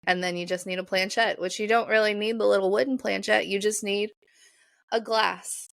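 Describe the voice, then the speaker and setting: A woman co-hosting a podcast in loose, rambling chat, laughing often and stumbling over words. Her voice has a gravelly fry, and it sits at a middle pitch. The sound is dry and close on a podcast mic. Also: fairly even intonation, normal speed, a bit bright, dry recording. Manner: giggly, rambling, tongue-tripping. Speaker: podcast co-host. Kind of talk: casual chat.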